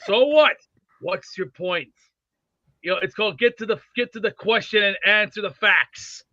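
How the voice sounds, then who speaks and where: A man playing a cranky, blustery older male sports fan who rambles and rants excitably. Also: sits high, moderate pace, dry recording. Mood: ranting. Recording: dull dry lo-fi sound.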